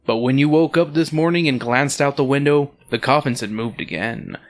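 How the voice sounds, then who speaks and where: A man's voice: mid-range voice, normal speed. A man hosting a podcast, reading a story aloud with crude comedic asides. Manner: animated, joking, crude asides. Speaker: podcast host and reader.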